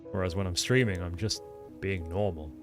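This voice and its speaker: English guy w a mixed lincolnshire accent, lowish voice, rambly streamer chat, faint music behind. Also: fairly even intonation, moderate pace. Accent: mixed English, mainly Lincolnshire. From England. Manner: rambling, self-deprecating, frequent ums and restarts. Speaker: game streamer. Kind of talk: casual livestream chat while playing. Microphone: desktop microphone.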